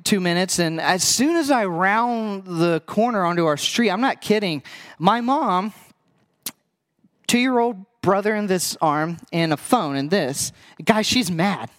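A young adult man preaching, with an animated personal story that acts out past scenes and throws quick asides to the audience. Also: sits high.

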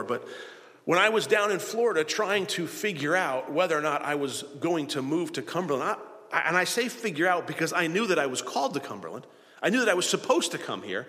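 A man's voice: on the high side, bright, forceful tone, in a large hall. A man preaching a sermon as pastor, asking the congregation rhetorical questions.

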